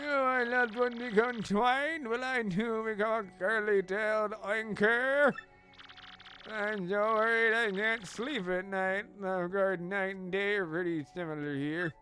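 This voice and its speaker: A man's voice: high-pitched, sharp tone, voice pushed up, heavily acted. A man voicing a fretful, rambling elderly male town mayor, talking stiffly without moving his lips. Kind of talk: reading game dialogue aloud in character.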